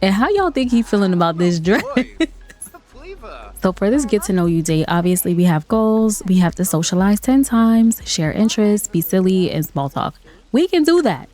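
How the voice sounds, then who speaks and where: A woman's voice: medium pitch, expressive, moderate pace, a little mellow. A woman hosting a life-sim let's play, chatting and laughing with her viewers as she plays. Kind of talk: casual gameplay commentary.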